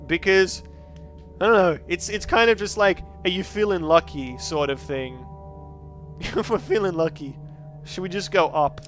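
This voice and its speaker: High-voiced streamer. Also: male voice, animated, measured pace, long pauses, a bit bright, soft background music. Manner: chatty, joking, thinking aloud. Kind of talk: casual game commentary.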